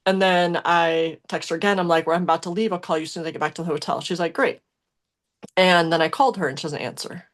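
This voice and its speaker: A woman's voice: fairly low pitch, steady tone, fast talker. A young adult woman on a podcast, talking in a casual, emotional way about a past relationship, with lots of fillers and restarts. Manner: emotional, rambling with many fillers and self-corrections. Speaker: podcast co-host. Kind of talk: casual conversational storytelling.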